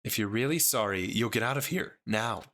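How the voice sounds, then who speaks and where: A man's voice: fairly low pitch, fairly quick, a bit bright, natural voice. A man reading the lines of a cool, stern young female detective, curt and scolding.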